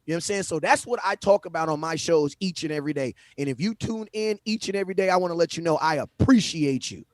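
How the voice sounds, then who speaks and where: A man hosting a live stream from home, talking sports in loose, animated slang. His voice sits a bit high, and he repeats phrases as he reacts. The sound is dry and close. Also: fast talker, no echo. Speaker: livestream host. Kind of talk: casual sports commentary. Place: home livestream setup. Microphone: phone.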